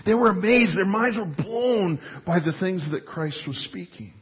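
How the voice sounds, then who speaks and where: Pastor guy preaching, high voice kinda husky, conversational, muffled sound. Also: a little slow. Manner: animated, emphatic, conversational with restarts. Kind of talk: sermon. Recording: dull lo-fi recording.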